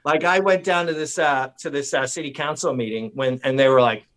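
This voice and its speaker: A man on a podcast, rambling and animated, swearing and mimicking people as he tells stories. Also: on the high side, brisk. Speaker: podcast guest. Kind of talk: casual chat. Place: lives in San Diego.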